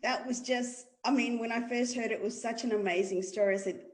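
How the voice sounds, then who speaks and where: A woman's voice: a little high, fairly even intonation, a little fast. Enthusiastic woman host in a roomy space. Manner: rambling, enthusiastic questions. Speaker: podcast host. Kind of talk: interview. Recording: roomy echo.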